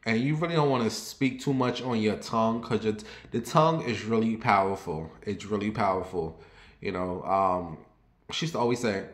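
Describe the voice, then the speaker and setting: A young man chatting candidly to his viewers, confiding and rambling, then lively and sassy when he tells a story. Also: on the low side, moderate pace. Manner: turns lively and sassy when telling stories. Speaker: vlogger. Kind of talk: casual personal chat to camera. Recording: roomy echo.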